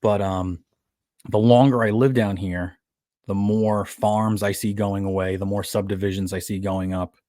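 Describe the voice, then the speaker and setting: Low-voiced New York man, podcast co-host, rambling casual chat, dry close mic. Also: darkish tone, no echo. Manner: rambling, self-correcting storyteller.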